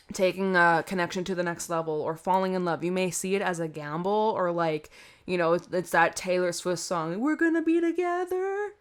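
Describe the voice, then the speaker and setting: A woman giving a casual tarot reading to camera, chatty and rambling, often laughing at herself. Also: on the low side. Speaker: tarot reader.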